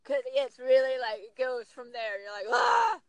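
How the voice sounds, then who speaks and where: A woman in her thirties talking casually as a podcast guest, telling stories with lively acted-out quotes. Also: high voice, normal speed, a crowd in the background, poor audio. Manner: animated storyteller, acts out quotes. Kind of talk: casual chat.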